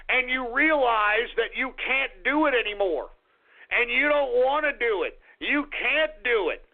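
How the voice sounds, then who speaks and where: Angry, crude man ranting on talk radio. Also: high-pitched. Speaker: radio host. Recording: tinny phone-like radio sound.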